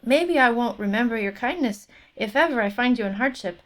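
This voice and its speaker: A woman's voice: on the high side, lively intonation, a little fast, voice pushed up, natural voice. A woman reading a flustered grateful rooster.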